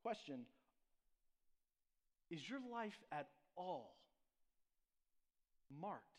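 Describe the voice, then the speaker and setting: A man's voice: fairly high pitch, very animated, extremely slow. A man preaching a sermon as a church pastor, in a conversational manner with frequent asides and restarts.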